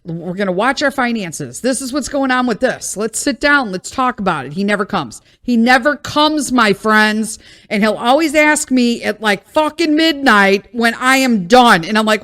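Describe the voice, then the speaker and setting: A blunt, exasperated woman in her thirties with a light drawl, venting about home life on her podcast. Her voice sits a little high, and she swears freely as she rants in a casual, unscripted way. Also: expressive, normal speed, fairly bright tone. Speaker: podcast host.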